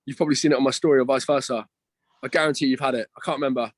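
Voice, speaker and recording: Fast-talking slangy young man. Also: mid-range voice, steady tone, no echo. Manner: slangy, swears, peppers talk with "mate" and "bro". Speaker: podcast guest, bodybuilder. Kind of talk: casual podcast chat.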